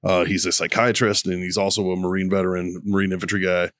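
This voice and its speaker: A man's voice: deep voice, level tone, fast, a bit bright, no room sound, studio quality. A man co-hosting a podcast, telling profane stories in casual chat and laughing often. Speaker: podcast co-host.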